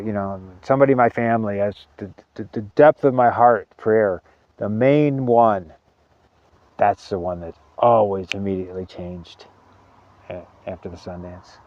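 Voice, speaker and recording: A man giving an earnest spiritual talk, halting often and repeating words as he searches for them. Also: lowish voice, muffled recording. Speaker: spiritual teacher.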